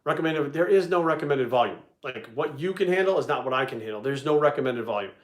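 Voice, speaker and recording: A man's voice: medium pitch, lively intonation. A man hosting a casual fitness livestream, talking bluntly with lots of swearing. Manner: blunt, profane, rapid talk.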